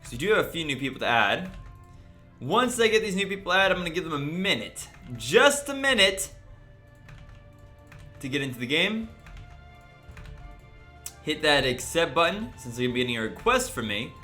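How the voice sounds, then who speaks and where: A man's voice: on the high side, big pitch swings, normal speed, pauses often, pushed and bright. A man hosting a casual livestream, upbeat, greeting viewers one after another by name. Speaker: livestream host. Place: echoey room. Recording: roomy echo, faint music behind.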